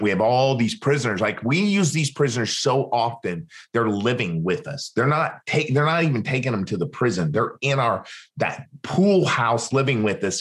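A man, a former interrogator telling a story in an interview, acting out what other people said. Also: medium pitch. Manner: animated, acts out other people's lines. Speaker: guest, former military interrogator.

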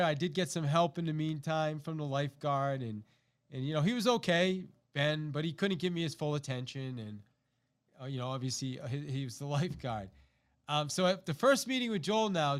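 A middle-aged man, a podcast host, telling a personal story to listeners and acting out the quotes. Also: a little high. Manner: animated, acts out quotes, repeats himself.

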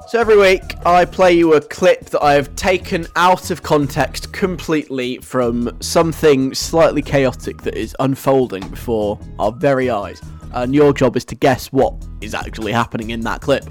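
Playful rambling radio host. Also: male voice, mid-range voice. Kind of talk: casual radio chat.

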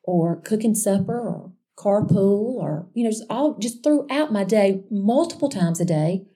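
A woman sharing a personal faith testimony in a chatty, animated storytelling way, calling her listeners y'all. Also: mid-range voice, unhurried. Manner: chatty and animated, addressing listeners as y'all, with frequent restarts and asides.

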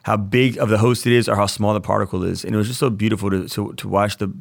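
Male priest host, low voice, dry booth sound, earnest casual teaching. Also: steady tone, quick pace, vocal fry, dry recording. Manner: earnest, enthusiastic, repeats phrases.

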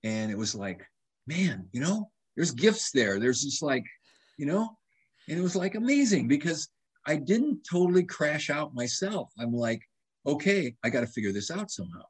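A husky older man in his seventies talks casually as a guest doctor. He tells lively stories, restarts his sentences and quotes himself as he goes. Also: fairly high pitch, measured pace. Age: 70s. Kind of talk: casual interview conversation.

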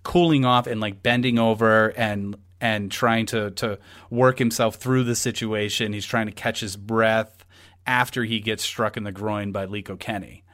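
A man co-hosting a casual true-crime discussion, talking in an animated, rambling way with frequent swearing. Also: fairly low pitch, moderate pace. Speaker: podcast co-host.

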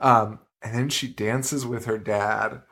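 A man's voice: fairly low pitch, takes it slowly. A man co-hosting a podcast, chatting casually about a horror movie and swearing freely as he retells scenes. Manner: profane, animated storytelling. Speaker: podcast co-host.

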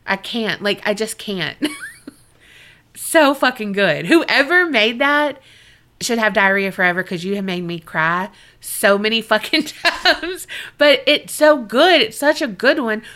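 Bright-voiced woman, laughing often. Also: on the high side, measured pace. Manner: expressive, laughs often, swears freely. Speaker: podcast co-host. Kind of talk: casual chat.

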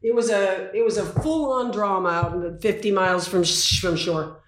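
A woman's voice: medium pitch, normal speed. An older woman in her sixties, a guest in an interview, telling stories intensely and dramatically. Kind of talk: interview conversation. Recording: roomy echo.

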